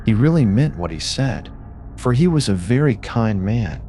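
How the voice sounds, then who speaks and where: A man narrating classic ghost stories for sleep in a measured, expressive reading. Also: medium pitch, a little hiss or hum. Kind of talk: storytelling for sleep.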